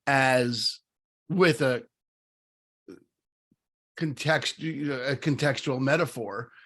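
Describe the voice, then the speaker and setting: A middle-aged man co-hosting a podcast, talking casually and telling a story, animated, with many fillers and restarts. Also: medium pitch, slow pace. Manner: animated, lots of fillers and restarts, acts out quoted voices. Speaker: podcast co-host.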